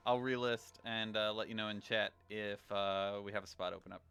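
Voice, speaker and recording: Bright chatty male game streamer. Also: on the low side, steady tone, normal speed, creaky, clean tone. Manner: rambling, chatty, thinks out loud. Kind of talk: casual livestream chat while gaming.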